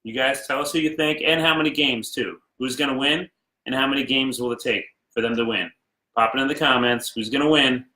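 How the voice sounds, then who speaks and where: A middle-aged man co-hosting a casual live-stream chat, playful and excitable like a sports fan. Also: mid-range voice, brisk. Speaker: co-host. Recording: echoey room.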